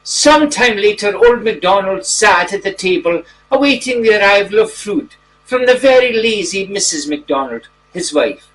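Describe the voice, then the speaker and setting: A man playing a genteel titled gentleman reading a mock bedtime story to children in a gentle, drawn-out way. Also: high voice, expressive, soft background music. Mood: storytelling. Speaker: storybook reader. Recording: distant mic, faint background noise.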